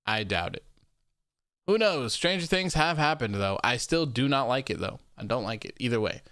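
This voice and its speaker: A young man hosting a wrestling post-show livestream, chatting casually with a rambling, relaxed manner and reading out viewer comments. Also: medium pitch, a little fast, no room sound, clean studio sound. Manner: rambling and relaxed, many fillers and repeats.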